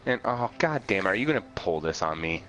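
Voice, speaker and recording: On a home podcast mic, a male co-host with a deep, fairly bright voice tells a rambling story at a fast clip. He's very animated in the casual chat, restarting often and laughing as he goes.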